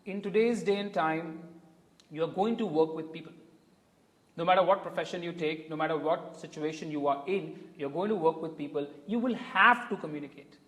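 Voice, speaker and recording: A man's voice: a little high, brisk, fairly bright tone. A man with an Indian English accent, a communication coach explaining ideas emphatically with spoken examples. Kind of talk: interview answers, explanatory. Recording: echoey room with long reverb.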